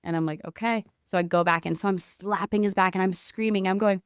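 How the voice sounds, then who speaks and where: A woman guest on a podcast, telling a story in excitable casual chat with lots of "like" and spiritual talk. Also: medium pitch, fast talker, clean tone, dry recording, studio quality.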